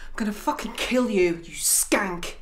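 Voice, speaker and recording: An actress playing a betrayed young fiancee, bitter and shouting accusations. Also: female voice, medium pitch, measured pace, natural voice. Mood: furious. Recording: roomy, noisy.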